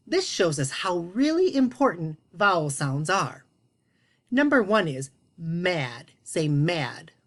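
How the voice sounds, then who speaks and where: A woman teaches young children their letter sounds, talking to the camera in a slow, deliberate way. Her voice swoops up and down in an animated sing-song as she draws out each sound. She sits a little lower in pitch than most women. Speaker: phonics teacher. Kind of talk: children's phonics lesson on video. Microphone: video lesson to camera.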